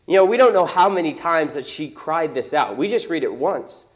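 A man's voice: on the high side, lively intonation, normal speed. A young adult man preaching a sermon as pastor, conversational and emphatic, with many rhetorical questions.

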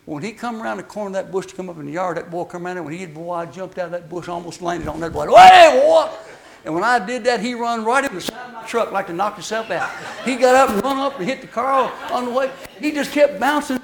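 A man preaches a sermon in a folksy storytelling manner. His voice sits high and carries a gravelly rasp. He swings emphatically between loud declarations and hushed asides. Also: quick pace, hardly any pauses.

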